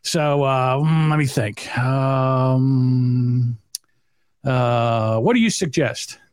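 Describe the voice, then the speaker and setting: A man's voice: extremely slow, clear, resonant tone, no room sound, clean studio sound. A man playing an indecisive male customer at a drive-thru who dithers and then demands the manager indignantly. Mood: dithering. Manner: whiny, indignant, rising pitch.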